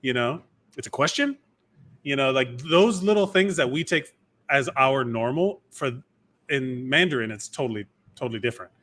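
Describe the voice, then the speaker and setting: Bright-voiced rambling man. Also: mid-range voice, animated, moderate pace. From Miami, USA. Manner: rambling, lots of fillers and restarts. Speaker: podcast co-host. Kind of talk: casual chat.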